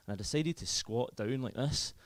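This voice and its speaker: Scottish man, young, stand-up comedian, self-deprecating, chatty, mid pitch. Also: normal speed, no echo. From Scotland.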